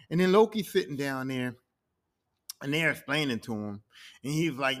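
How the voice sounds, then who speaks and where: A man hosting a podcast, recapping a TV series in casual, profane talk and acting out the characters in quick impressions. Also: a little high. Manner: animated, swears freely, acts out characters in quick impressions. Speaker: podcast host.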